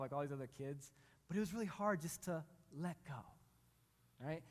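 A man in his thirties or forties preaching a sermon. He reads scripture slowly, then tells a candid, self-mocking story about his family. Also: a little high. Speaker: pastor. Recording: long reverb in a big hall.

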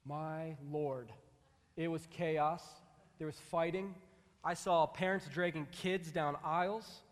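A man preaching a sermon in a large church hall, telling stories in an animated, conversational way and acting out quotes. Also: a little high, slow pace. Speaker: pastor. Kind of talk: storytelling sermon.

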